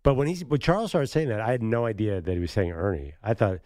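A man's voice: lowish voice, fast talker, a little mellow, no echo. A man co-hosting a casual sports talk show, wry and dry-humored.

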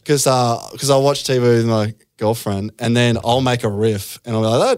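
A man's voice: mid-range voice, darkish tone, clean tone, no room sound, clean studio sound. Jokey man on a podcast. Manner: jokey, quick riffing, laughs often. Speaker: podcast host. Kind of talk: casual chat.

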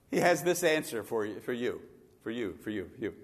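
A man's voice: medium pitch, very animated, moderate pace, big-room sound. A man preaching a sermon as pastor, building to emphatic bursts. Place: church.

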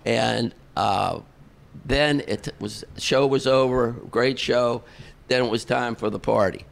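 A man's voice: mid-range voice, slow, gravelly. An older man, a concert promoter telling a long rambling backstage story full of fillers and restarts. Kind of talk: casual storytelling.

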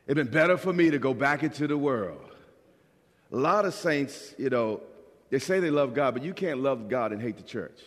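A man's voice: mid-range voice, normal speed. A man preaching a sermon as pastor, asking the congregation questions and acting out the voices he quotes. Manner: animated, acts out quoted voices. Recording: long hall reverb.

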